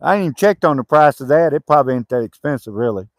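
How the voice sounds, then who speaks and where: A man's voice: mid-range voice, lively intonation, quick pace, no room sound. A man working on his homestead cabin, chatting casually, laughing easily and calling to his dogs. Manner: easygoing, laughs often, calls to dogs. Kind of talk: casual chat while working.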